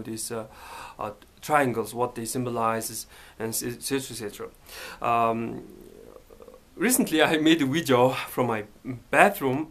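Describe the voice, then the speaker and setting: A man's voice: mid-range voice, a bit bright. A man from Mongolia, talking casually to camera in his bedroom, hesitant and full of fillers. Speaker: vlogger. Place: his bedroom, sitting by the bed.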